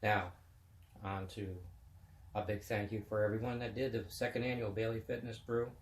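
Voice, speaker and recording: Man, 50s, web chat host, low voice, rambling folksy sports talk, roomy echo. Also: flat delivery, normal speed.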